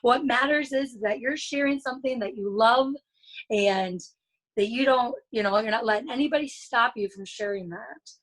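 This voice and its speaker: A woman's voice: fairly high pitch, normal speed, fairly bright tone, rough recording. Chatty woman on a video call. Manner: earnest, chatty, many fillers and restarts. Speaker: guest speaker. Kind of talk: casual motivational talk.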